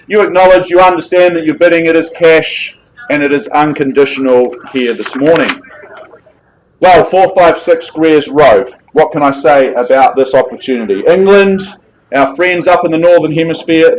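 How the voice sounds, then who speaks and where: High-voiced New Zealand auctioneer. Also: male voice, muffled recording, slight background noise. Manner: jovial, persuasive sales patter. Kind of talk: live auction calling. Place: live auction room.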